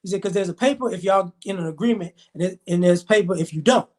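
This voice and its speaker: A man's voice: sits high, darkish tone. Heated, profane man telling a story. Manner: profane, heated, fast retelling with quoted dialogue. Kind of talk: storytelling rant to camera.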